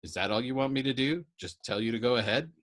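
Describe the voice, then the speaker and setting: A man's voice: mid-range voice, animated, quick pace, natural voice. A man voicing a wary, exasperated young male bombardier who talks in urgent bursts in a storybook reading. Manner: urgent, exasperated, trying to hush.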